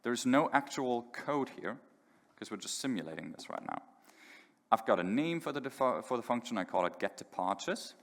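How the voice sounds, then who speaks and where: A conference speaker runs a live technical demo, his mid-range voice animated and marked by vocal fry at a moderate pace. He talks casually with fillers and restarts, and the big conference hall gives the recording an echoey reverb.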